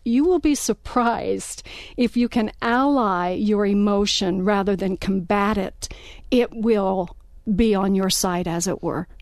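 A woman therapist on a call-in radio show, speaking in a calm, measured, gently instructive way. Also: medium pitch, vocal fry, no echo. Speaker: guest therapist.

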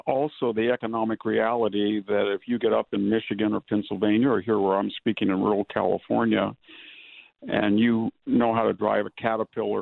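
A male guest, speaking by phone, in a measured manner, laying out long lists of examples. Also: on the low side, vocal fry, no room sound. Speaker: guest commentator. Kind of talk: political interview over the phone. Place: home in rural California. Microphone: telephone. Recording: tinny phone line.

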